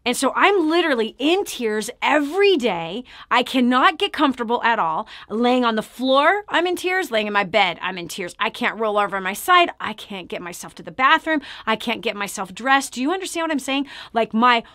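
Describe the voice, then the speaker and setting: A woman's voice: a little high, lively intonation, moderate pace, hardly any pauses, fairly bright tone, no room sound, studio quality. A middle-aged woman from California hosting her show and telling a personal testimony, emphatic and emotional, sometimes dropping to a near whisper. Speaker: show host and speaker.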